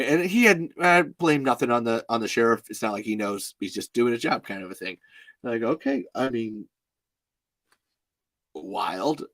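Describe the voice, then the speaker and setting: A man retelling a personal story in a casual, halting way, sighing often and close to tears. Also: medium pitch, lively intonation, a bit bright. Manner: many restarts and fillers, rambling.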